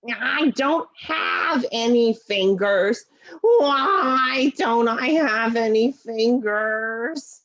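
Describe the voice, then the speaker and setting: A woman's voice: mid-range voice, sing-song, no room sound, lo-fi sound, heavily acted. A woman voicing a frustrated male hoofed puppet with floppy felt hooves, whiny and sighing. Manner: whiny, sighing, slow and mopey. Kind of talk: puppet play acting. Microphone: laptop video call.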